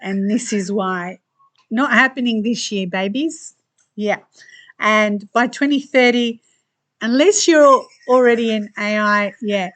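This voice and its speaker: A woman's voice: medium pitch, takes it slowly, a bit bright. A woman giving a casual astrology commentary to her viewers, chatty and teasing, laughing often between points. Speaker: astrology reader.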